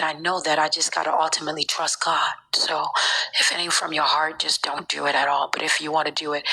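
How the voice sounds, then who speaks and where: Low, husky woman rambling preachily. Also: bright, forceful tone, poor audio. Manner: rambling, preachy, often dropping into a whisper. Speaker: social media page host. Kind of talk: casual live-stream monologue.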